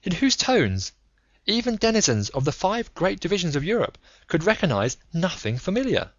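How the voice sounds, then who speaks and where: A man voicing a calm, analytical male detective who lectures in a measured, methodical way, in an audiobook reading with a dull, dry sound. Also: sits high, no room sound, full character voice. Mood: lecturing.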